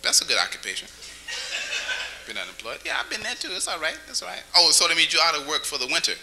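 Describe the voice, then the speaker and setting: A stand-up comedian working the crowd from a club stage, firing off playful questions at people in the seats. His voice is bright and sharp, swinging widely up and down as he teases. He talks into a handheld stage mic. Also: fairly high pitch, wildly swooping pitch, rough recording. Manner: teasing audience members, quick jokey questions.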